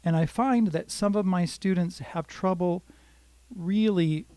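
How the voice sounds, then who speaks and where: Older male guitar teacher, chatty and rambling, slightly high mellow voice in a dry room with guitar behind. Casual live-lesson delivery. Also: unhurried, no room sound. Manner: chatty, rambling, greets viewers by name.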